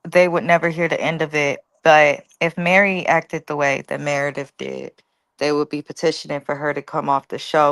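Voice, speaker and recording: A woman's voice: deep voice, a bit bright, clear, resonant tone. A woman co-hosting a reality-TV recap, giving her opinions in a blunt, profane rant. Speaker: co-host. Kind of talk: casual recap commentary.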